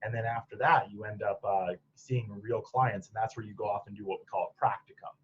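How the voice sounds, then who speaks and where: A man's voice: on the low side, steady tone, brisk, slightly rough, muffled recording. A man from Michigan's Upper Peninsula, a podcast guest talking casually about his clinical training, rambling with many restarts and laughs. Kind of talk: casual interview chat.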